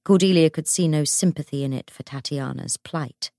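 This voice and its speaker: A woman narrating an audiobook in an expressive, dramatic way. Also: low voice, normal speed, gravelly, dry recording, clean studio sound.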